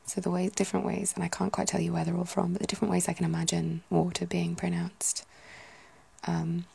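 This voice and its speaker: A British woman in whispered ASMR chat, musing aloud softly and rambling. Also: lowish voice, completely flat delivery, fairly quick, gravelly, slightly rough. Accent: British English.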